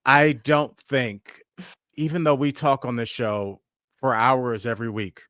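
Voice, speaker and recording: A man's voice: mid-range voice, steady tone, a little slow, fairly bright tone, no echo, studio quality. A man co-hosting a news and comedy podcast, talking casually with frequent fillers and restarts. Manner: conversational, many fillers and restarts. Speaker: podcast co-host.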